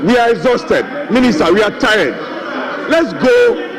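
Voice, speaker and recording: Man, very high voice, pleading, repetitive, noisy chamber with murmuring members. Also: animated, a little slow, a crowd in the background. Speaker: minority chief whip in parliament. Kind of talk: impassioned parliamentary plea. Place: large parliament chamber.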